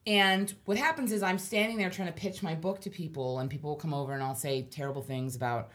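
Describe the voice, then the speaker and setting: Woman rambling thru a story, kinda low voice, laughs at herself a lot. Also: fairly even intonation, fast, a bit bright. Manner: rambling, self-deprecating, laughs while telling. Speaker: podcast guest storyteller. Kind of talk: casual chat storytelling.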